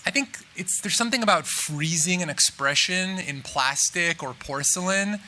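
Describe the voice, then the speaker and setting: A man, a film director, answering interview questions in a thoughtful, halting way, full of fillers and restarts. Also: high-pitched, animated, pushed and bright, a little hiss or hum. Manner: thoughtful, musing. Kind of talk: press junket interview.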